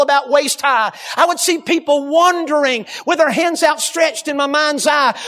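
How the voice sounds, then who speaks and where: A man preaching a sermon, telling a story dramatically and dropping to hushed tones, addressing the congregation directly. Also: very high-pitched.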